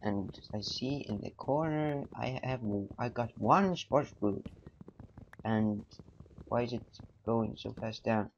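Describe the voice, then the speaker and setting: A young man whose first language is not English, rambling through casual let's play commentary with sudden loud, silly outbursts. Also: medium pitch, slow, muffled recording, slight background noise. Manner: rambling, excitable, bursts of loud silly exclamations. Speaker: gamer.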